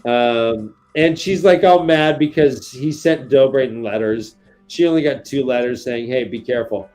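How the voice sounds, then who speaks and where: A middle-aged man chatting casually on a book podcast, animated and acting out scenes with sound effects. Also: mid-range voice, measured pace, faint music behind. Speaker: podcast co-host. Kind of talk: casual book-discussion chat.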